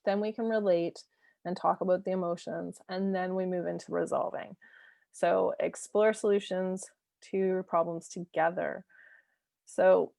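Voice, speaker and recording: A woman's voice: medium pitch, vocal fry, darkish tone, no echo, clean studio sound. A woman teaching a parenting lesson in a conversational way, often checking in with "right?" and laughing lightly. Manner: laughs lightly between points. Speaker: parenting coach.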